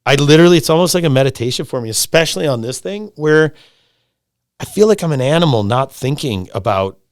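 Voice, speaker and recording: A middle-aged man in casual podcast conversation, talking in an animated, rambling way, swearing freely and repeating himself. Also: on the high side, fast talker, dry recording, studio quality. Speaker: lodge owner, podcast guest.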